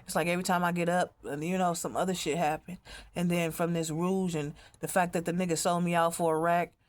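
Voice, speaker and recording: A woman's voice: lowish voice, little pitch movement, brisk. A woman speaking in a rambling, profane monologue as a mother telling her own story, often repeating herself. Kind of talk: emotional monologue to camera.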